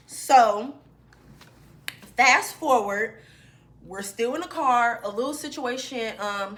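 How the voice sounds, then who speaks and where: Bright and forceful in tone, a mid-range female voice belongs to a young vlogger sharing a personal story. She keeps it casual and talkative, addressing her audience as y'all.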